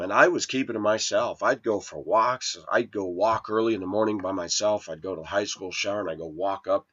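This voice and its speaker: Telling a personal story in a rambling vlog monologue, this man has a low yet slightly bright voice. He complains with a sense of grievance, getting louder as he quotes arguments, and the audio is lo-fi and dull.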